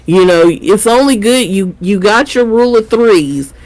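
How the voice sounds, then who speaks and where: A man co-hosting a casual review show, animated and explaining his points with repetition. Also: high-pitched, measured pace, rough recording. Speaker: podcast co-host.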